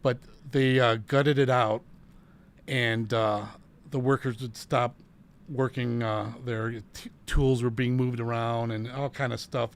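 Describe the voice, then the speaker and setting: A man's voice: medium pitch, flat delivery, takes it slowly, clean tone. A middle-aged man, a paranormal investigator, earnestly telling a story from a case. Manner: earnest, retelling a case with restarts. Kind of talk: casual storytelling.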